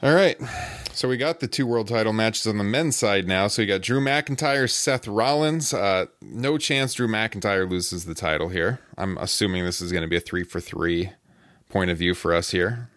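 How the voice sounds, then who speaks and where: A man's voice: lowish voice, normal speed, fairly bright tone, no room sound, clean studio sound. A man hosting a casual podcast, moderating and handing the turn to his co-hosts. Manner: moderating, passing turns to co-hosts. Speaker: podcast host. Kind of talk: casual wrestling podcast chat.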